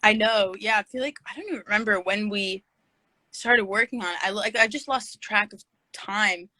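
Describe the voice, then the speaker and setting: A woman's voice: medium pitch, moderate pace, bright, forceful tone, no room sound, rough recording. A woman hosting a casual livestream chat on her phone, giggly and a little scattered as she reads out fan questions. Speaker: livestream host. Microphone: phone video stream.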